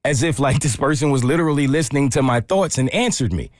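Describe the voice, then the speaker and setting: A young man, a radio show co-host, telling a story in a relaxed, chatty way. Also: mid-range voice, quick pace, no room sound, clean studio sound. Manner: relaxed, conversational, with frequent restarts. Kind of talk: casual storytelling on a morning show.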